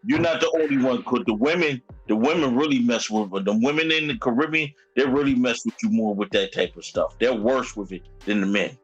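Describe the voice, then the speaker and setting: Husky-voiced easygoing man chatting. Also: mid-range voice, brisk, few pauses, dull audio, soft background music. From United States. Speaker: guest on stream. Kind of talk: casual chat.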